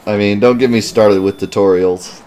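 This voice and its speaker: A man's voice: lowish voice, steady tone, normal speed, darkish tone, a little hiss or hum. A man hosting a let's play, giving casual gameplay commentary and muttering asides while he reads menus.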